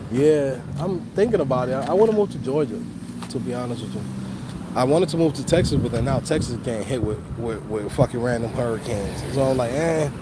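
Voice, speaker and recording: Hosting a coding channel's livestream, a man from the Dominican Republic with a New York accent talks loosely in slang, swearing a lot and laughing often. His voice is mid-range, and he records on a phone outdoors with a noisy background.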